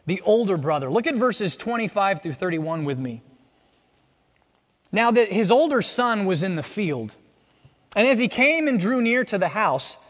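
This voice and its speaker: A man's voice: sits high, big-room sound. A man preaching a sermon, reading scripture aloud and asking the congregation rhetorical questions. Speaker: pastor. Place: church.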